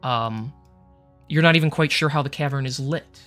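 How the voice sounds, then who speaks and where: A man narrating as game master for a tabletop game, in a casual, halting way with fillers and some swearing. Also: medium pitch, a bit bright, soft background music.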